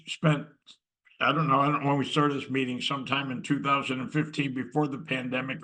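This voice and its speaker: A man's voice: mid-range voice, fairly bright tone, rough recording. A man co-leading a recovery meeting on a video call, talking in a wry, conversational way. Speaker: meeting co-leader.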